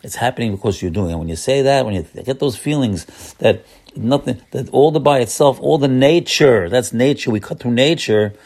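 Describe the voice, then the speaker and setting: A man's voice: medium pitch, a little fast, darkish tone. A man teaching an informal Torah class, talking in an emphatic, repetitive way with many restarts and Hebrew terms. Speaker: religious teacher.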